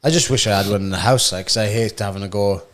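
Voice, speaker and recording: A man's voice: fairly low pitch, fast, a bit bright. A young man co-hosting a podcast, rambling with fillers and frequent swearing in casual chat. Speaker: podcast co-host.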